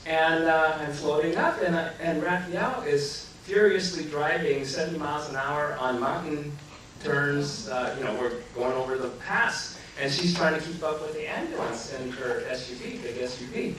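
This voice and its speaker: A man telling a humorous personal story to a live audience, animated and laughing often, acting out what people said. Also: fairly high pitch, moderate pace, a little hiss or hum. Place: large echoey hall with a live audience. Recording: echoey hall from far off, audience audible.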